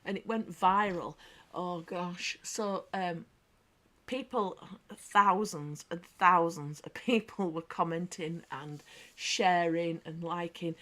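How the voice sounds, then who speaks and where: A woman's voice: on the low side, slow. Chatty British woman hosting a livestream. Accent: British English. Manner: chatty, bantering, reads comments aloud; lively anecdotal storyteller. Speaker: livestream host. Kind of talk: casual live chat.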